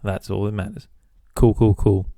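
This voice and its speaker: Young aussie guy rambling on his podcast, lowish voice, dry close sound, swears a lot. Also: steady tone, moderate pace, warm tone, no echo. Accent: Australian. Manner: rambling and crude, swears freely. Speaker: podcast host. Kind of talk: casual solo podcast monologue.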